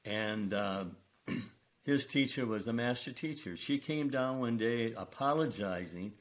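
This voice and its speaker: An older man, a retired school principal, telling stories from his career in an earnest, unhurried way during an interview. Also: medium pitch. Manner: slow, earnest storytelling with quoted dialogue. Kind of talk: storytelling interview.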